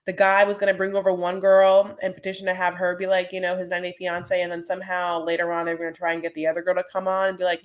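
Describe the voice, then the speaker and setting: A woman's voice: lowish voice, monotone. Chatty rambling woman recapping TV. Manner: chatty and rambling, many "like"s and quick asides. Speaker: host. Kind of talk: casual live recap of a reality show.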